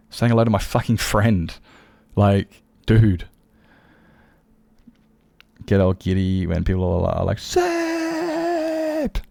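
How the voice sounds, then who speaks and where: A man chats loosely with his viewers on a livestream, rambling and candid and not shy about swearing. His voice sits fairly low with a gravelly edge, and it rises and falls a lot. The sound is close and dry, with no room around it. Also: mellow, dry recording. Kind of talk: casual chat with viewers.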